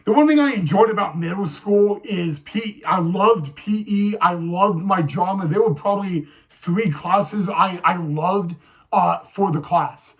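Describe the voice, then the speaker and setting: A young man telling a personal story to camera, halting, with many fillers and restarts. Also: high-pitched, low-quality recording. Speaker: vlogger.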